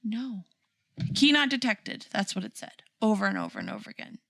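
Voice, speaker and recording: A woman co-hosting a podcast, telling an animated story with frequent laughter. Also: medium pitch, fairly quick, creaky, no room sound. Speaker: podcast co-host. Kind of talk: casual chat, storytelling.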